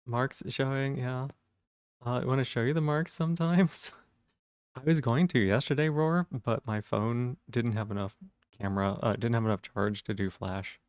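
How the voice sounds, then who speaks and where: A man's voice: medium pitch, normal speed, clear, resonant tone, no room sound, clean studio sound. A man chatting casually on a live stream, rambling with lots of fillers and restarts.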